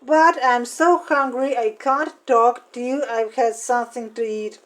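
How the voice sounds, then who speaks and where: A woman's voice: fairly high pitch, fairly even intonation, unhurried, a bit bright. Jack, a woman reading as a cheeky boy. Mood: polite. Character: bold hungry young boy Jack.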